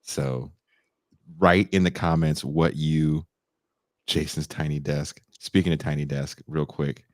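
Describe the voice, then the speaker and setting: A man's voice: extremely low pitch, steady tone, slow pace, dry recording, studio quality. A man co-hosting a podcast in casual chat, swearing freely, laughing often and acting out quotes. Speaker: podcast co-host. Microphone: desk mic with sound board.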